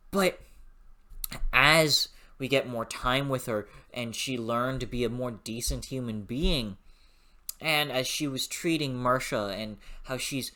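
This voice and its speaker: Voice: mid-range voice, takes it slowly, bright, forceful tone. A book reviewer in a casual video review, swearing freely, laughing often and losing the train of thought. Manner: frequent laughter.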